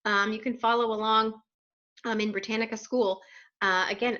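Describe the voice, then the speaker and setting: Playful woman teacher, slightly high voice. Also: steady tone, normal speed, pushed and bright, muffled recording. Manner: chatty and playful, speaking straight to children. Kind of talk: casual talk to pupils after a read-aloud.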